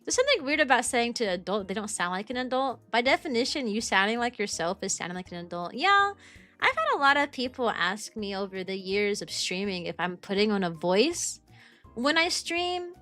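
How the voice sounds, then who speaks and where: A woman's voice: on the high side, very animated, a little fast, sharp tone, soft background music. A young woman from the United States, a streamer who teaches kindergarten, chatting casually with viewers and rambling with restarts and fillers. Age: young adult. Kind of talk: casual chat answering viewers.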